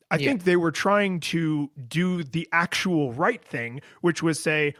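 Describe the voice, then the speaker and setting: A man co-hosting a podcast in casual chat, animated, laughing often and restarting his sentences. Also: a little high, slow, dry recording, studio quality. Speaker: podcast co-host.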